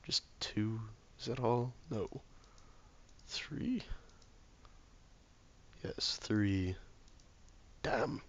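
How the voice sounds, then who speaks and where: A hoarse, ill man talking himself through a game, often muttering softly or near a whisper. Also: on the low side, slow pace, muffled recording. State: hoarse from illness. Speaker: gameplay video maker. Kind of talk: relaxed gameplay commentary.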